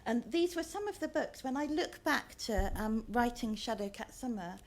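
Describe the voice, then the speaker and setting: A woman's voice: a little high, animated, normal speed. Chatty woman author giving a slide talk. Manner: chatty, hesitant with many ums. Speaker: author, guest speaker.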